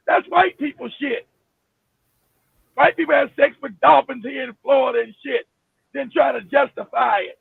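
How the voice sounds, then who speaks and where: Very high-voiced man ranting over a phone line. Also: normal speed, creaky, pauses often, no room sound. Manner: emphatic, profane, bursts into shouting; repeats himself, many restarts. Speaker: live stream host. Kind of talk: heated live-stream rant. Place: home in Florida. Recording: phone-like, dry, narrow sound.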